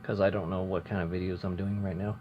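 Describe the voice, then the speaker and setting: In a low-sitting voice with little pitch movement, a young man talks fast as he vlogs a rambling, chatty story about his old job, cutting himself off along the way. The sound is lo-fi and dull, carrying faint noise.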